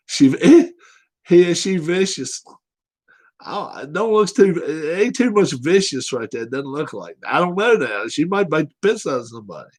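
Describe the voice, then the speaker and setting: High lively man ribbing a viewer. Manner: blunt, joking, profane. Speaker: livestream host. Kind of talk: casual livestream chat.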